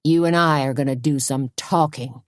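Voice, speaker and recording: A woman's voice: extremely low pitch, moderate pace, gravelly, dry recording, studio quality. A woman voicing a stern male small-town sheriff who gives commands in an audiobook. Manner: commanding, cautioning. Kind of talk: audiobook character voice.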